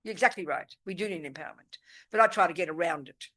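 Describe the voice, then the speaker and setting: A woman leads a Buddhist retreat session in a bright, forceful voice. She speaks emphatically and directly, and often breaks off to ask whether her listeners understand. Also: lowish voice, fast. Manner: emphatic and forthright, often checking "do you understand?". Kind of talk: live dharma teaching with questions and answers. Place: meditation center teaching room.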